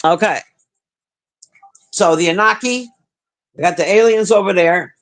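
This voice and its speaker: High-voiced man ranting casually. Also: moderate pace, a bit bright. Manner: profane, chatty, talks to the chat. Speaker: livestream host. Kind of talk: casual rambling commentary.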